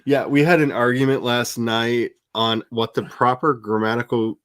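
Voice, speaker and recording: A man with an Ozarks accent chatting casually on a livestream, telling stories and acting out quick silly voices. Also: no room sound. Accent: Ozarks Southern US. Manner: animated storyteller who jumps into squeaky voices. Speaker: author hosting a livestream.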